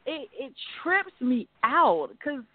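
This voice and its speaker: A woman's voice: high voice, big pitch swings, takes it slowly, dry recording. A woman author telling a story in a casual interview, acting out both sides of conversations in quoted voices. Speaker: guest author. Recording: phone-like dry sound.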